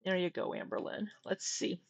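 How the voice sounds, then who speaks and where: A woman's voice: lowish voice, very animated, normal speed, gravelly, dry recording. A woman hosting a casual livestream, talking candidly, swearing now and then and getting exasperated. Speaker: livestream commentary host.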